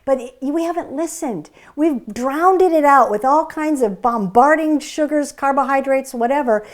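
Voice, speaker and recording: Woman host, slightly raised pitch, earnest and emphatic, persuasive in casual chat. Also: normal speed. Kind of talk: casual chat about diet.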